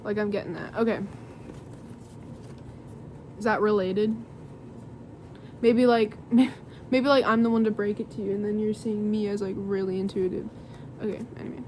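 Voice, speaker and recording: A woman's voice: medium pitch, steady tone, moderate pace, pauses often, a little mellow, slight background noise. A young woman doing a casual tarot reading to camera, rambling and giggly with lots of fillers. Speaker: tarot reader.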